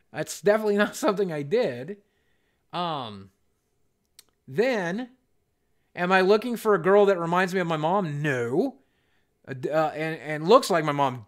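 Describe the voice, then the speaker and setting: Sex: man. Role: streamer. Style: casual live-stream chat. Pitch: high. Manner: rambling, candid.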